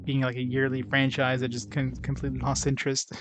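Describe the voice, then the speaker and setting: A man's voice: mid-range voice, monotone, fast talker, fairly bright tone. A man playing through a role-playing game and commenting on it casually, in a wry, sarcastic way with lots of fillers. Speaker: let's play host.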